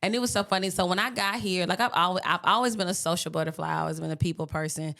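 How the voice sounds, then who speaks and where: Animated woman with a mild Southern accent. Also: lowish voice, gravelly. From Birmingham, Alabama. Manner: animated storyteller, lively and quick to laugh. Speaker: podcast guest. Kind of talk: casual interview chat.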